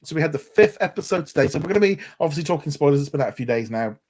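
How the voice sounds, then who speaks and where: A man's voice: fairly high pitch, expressive, rapid-fire, a little mellow. Enthusiastic man rambling on a podcast. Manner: enthusiastic, rambling with frequent restarts. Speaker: podcast co-host. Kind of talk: casual podcast chat.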